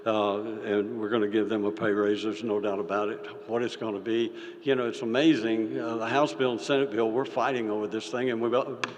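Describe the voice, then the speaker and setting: An older man giving a folksy, halting speech as a state senator, with many fillers and restarts. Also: on the low side, fairly even intonation. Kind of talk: folksy speech with a told story. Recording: reverberant hall.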